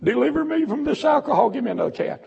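A man's voice: very high-pitched, sing-song, fast, gravelly, a little mellow, breathy edge, highs cut off, voice pushed up, heavily acted. A man voicing a desperate male addict who begs God for deliverance in a strained, pleading cry.

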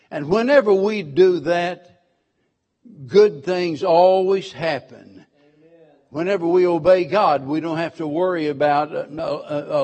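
A man preaching a sermon, emphatic, repeating key words and quoting scripture in old-fashioned wording. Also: a little high.

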